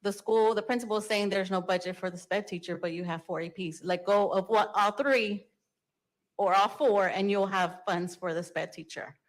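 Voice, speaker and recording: A woman making a public comment at a school board meeting, pressing with pointed questions and halting restarts. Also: mid-range voice, fairly even intonation, low-quality recording.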